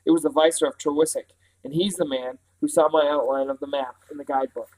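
Storybook reading in which a man gives voice to a scared young girl, speaking small and fearful, the pitch nudged up a little from an otherwise flat, even delivery. The phrasing stays hushed and timid. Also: fast talker, lightly acted, poor audio. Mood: frightened. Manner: small frightened voice.

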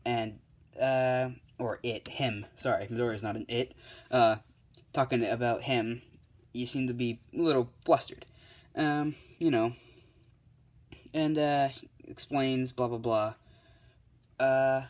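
A young man rambles through his personal fan story at home late at night, full of fillers and hummed placeholder sounds, recording on a tablet or similar handheld device. His mid-range voice stays steady, and he speaks slowly with long pauses.

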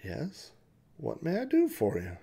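A man voicing a prim, polite frontier schoolteacher woman in a video game, in a demure falsetto. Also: wildly swooping pitch, a little slow, warm tone, a little hiss or hum, heavily acted. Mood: sweetly polite.

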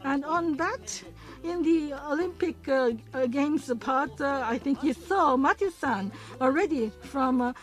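High-voiced woman interpreting, halting delivery. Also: faint music behind, rough recording. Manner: halting, with frequent pauses and fillers. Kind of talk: simultaneous English interpretation of a program.

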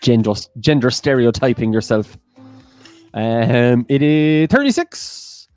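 A man's voice: medium pitch, slow pace, a little mellow, faint music behind. A man co-hosting a live-streamed quiz, reading questions and options aloud in a playful way. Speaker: quiz co-host.

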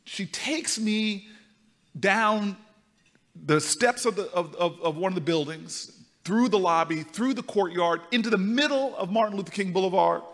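A man giving a speech to a live conference audience, telling a story with animated swings between loud and soft. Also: high voice, moderate pace. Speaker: speaker at a conference. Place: large conference hall. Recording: reverberant hall.

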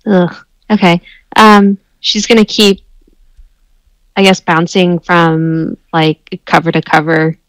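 A woman's voice: fairly low pitch, flat delivery, takes it slowly, long pauses, dry recording, low-quality recording. A woman playing in a tabletop game, hesitantly describing what her character does. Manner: hesitant, thinking aloud. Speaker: player.

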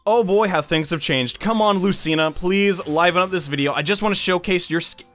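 A young man hosting casual gaming commentary, excitable and chatty, with frequent exclamations. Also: high voice, fairly quick, faint music behind. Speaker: YouTube gaming host.

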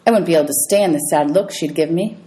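Woman teacher, read-aloud storyteller, slightly low voice, lively. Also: fast, low-quality recording. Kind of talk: reading a novel aloud to students.

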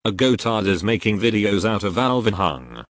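This is a text-to-speech engine voicing a man with a lowish register who reads joke error messages in a flat, machine-even way. The sound is close and completely dry, with no room around it. His delivery keeps a steady synthetic evenness throughout. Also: normal speed, dry recording. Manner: flat, evenly paced computer voice.

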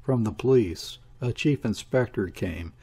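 A man's voice: fairly low pitch, lively intonation, a little slow, warm tone, breathy edge, exaggerated voice. A man reading the part of a desperate, grieving woman in an audiobook, speaking in a listless, weary, murmuring way.

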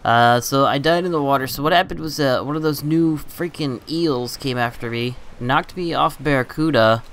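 A man's voice: medium pitch, normal speed, a bit bright, a little hiss or hum, rough recording. A man hosting a gaming channel, chatting casually over his gameplay, exasperated and laughing at his own bad luck.

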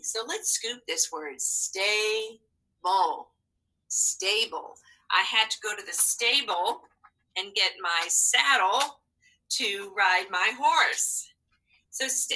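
A woman's voice: medium pitch, bright, forceful tone, husky, low-quality recording. A woman teaching a phonics lesson to children, speaking patiently and coaxing answers with prompts and praise.

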